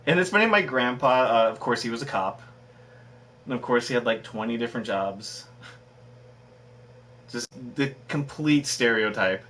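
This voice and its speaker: A man's voice: medium pitch, expressive, normal speed, pauses often, a bit bright, slight background noise. A man in his thirties chatting casually while streaming a game, rambling and self-mocking, often breaking into laughter. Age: 30s. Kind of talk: casual chat while gaming.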